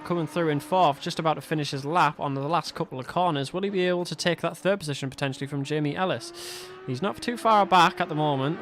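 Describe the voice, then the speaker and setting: A man from England giving live sim-racing commentary as host, excitable and quick to laugh with his co-host. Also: fairly high pitch, slight background noise. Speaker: race commentator.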